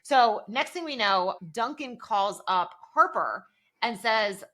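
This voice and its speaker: A woman's voice: a little high, lively intonation, takes it slowly, pushed and bright. A woman in her forties co-hosting a podcast, casually recapping a TV episode and narrating plot with quoted lines. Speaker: podcast co-host, former banker.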